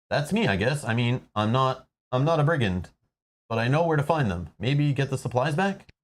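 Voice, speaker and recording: A man's voice: mid-range voice, animated, moderate pace. A man hosting a casual board game playthrough, chatty with self-deprecating asides. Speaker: host.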